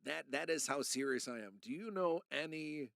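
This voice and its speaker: A man's voice: fairly high pitch, normal speed, gravelly, a bit bright, dry recording. A middle-aged man live streaming, chatting casually and earnestly to his viewers in a rambling way. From United States. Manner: rambling and earnest, talking straight to chat.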